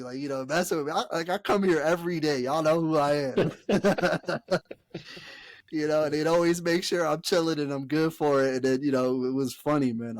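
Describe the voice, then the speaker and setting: A young man co-hosting a podcast, talking in a relaxed, slangy way with lots of fillers and swearing. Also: medium pitch, no room sound. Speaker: podcast co-host. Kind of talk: casual chat.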